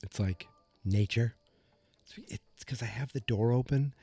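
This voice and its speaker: This podcast host speaks in a warm, husky, creaky voice at medium pitch, unhurried as he muses through a casual episode recap full of fillers. He records on a podcast mic in a room at home with the door open.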